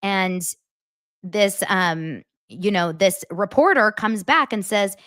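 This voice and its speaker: A woman hosting her own show, chatting casually as she reads out text messages and acts out the quoted lines with big jumps in pitch. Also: slow pace, fairly bright tone, no echo, studio quality. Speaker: host. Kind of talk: casual commentary reading texts aloud.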